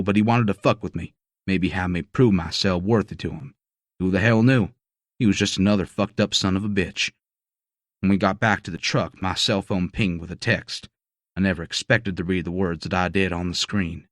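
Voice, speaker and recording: A man's voice: deep voice, fairly even intonation, moderate pace, no echo, clean studio sound. A man narrating a first-person romance audiobook in a gritty, profane storytelling manner.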